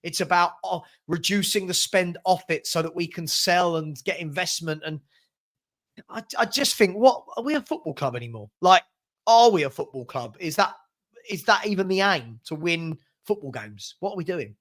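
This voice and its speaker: A man's voice: sits high, expressive, moderate pace, a bit bright. A man hosting a football watchalong, talking in a frustrated, rambling way and tripping over repeated words. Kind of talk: casual football chat.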